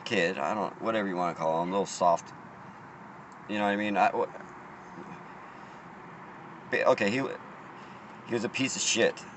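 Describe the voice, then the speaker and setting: A man tells a story outside, his fairly low, somewhat bright voice competing with passing cars and plainly audible street noise on a poor recording. He rants at a normal pace, swearing and rambling, leaving long pauses and restarting many times.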